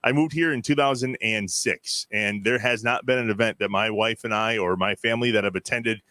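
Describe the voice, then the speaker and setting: A man's voice: lowish voice, steady tone, a little fast, bright, forceful tone, no room sound, clean studio sound. A man hosting a casual interview, speaking to his guest in an admiring, encouraging way. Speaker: interview host.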